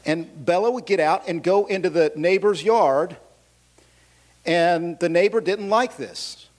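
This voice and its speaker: This pastor's voice sits high, and he speaks unhurriedly while preaching a sermon. He tells a humorous personal story, adding asides and putting questions to the audience.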